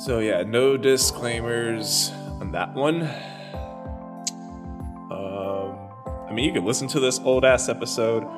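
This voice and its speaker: A man's voice: mid-range voice, takes it slowly, pauses often. A man recording a rambling, self-deprecating disclaimer for his podcast. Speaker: podcast host. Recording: roomy reverb with loud music behind. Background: guitar music.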